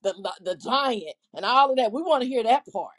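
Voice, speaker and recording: A woman's voice: fairly high pitch, expressive, a bit bright. A woman co-hosting a casual faith podcast, speaking earnestly, restarting her sentences and quoting scripture aloud. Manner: earnest, talks in halting restarts, quotes scripture. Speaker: podcast co-host.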